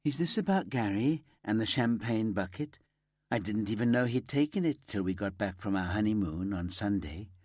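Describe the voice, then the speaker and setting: A man voicing an anxious young office worker with a high, light, slightly camp voice who stammers in shock. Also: lively intonation, moderate pace, a little mellow, no room sound, studio quality. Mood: nervous. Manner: shaken, stammering, disbelieving. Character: male young man, anxious, eager to please.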